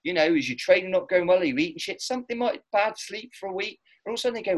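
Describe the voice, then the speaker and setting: Blunt, animated man, high-pitched. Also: very fast, hardly any pauses. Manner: blunt, animated storyteller, swears freely. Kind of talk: casual chat.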